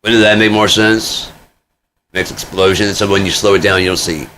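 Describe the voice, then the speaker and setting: A man's voice: sits low, steady tone, moderate pace, fairly bright tone. Man, rambling monologue, foul-mouthed, self-mocking, faint background noise. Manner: profane, joking, self-mocking. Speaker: vlogger.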